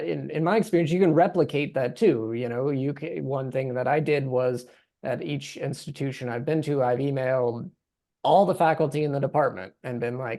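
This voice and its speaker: A man's voice: mid-range voice, gravelly, dark tone. A man moderating an academic panel, talking conversationally with frequent restarts and "right?".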